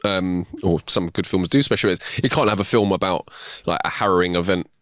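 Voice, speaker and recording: A young man talks in a somewhat low voice that is recorded close and dry. He rambles with enthusiasm, restarting his sentences and laughing easily, as a podcast co-host in casual chat. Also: fast, a bit bright, no echo.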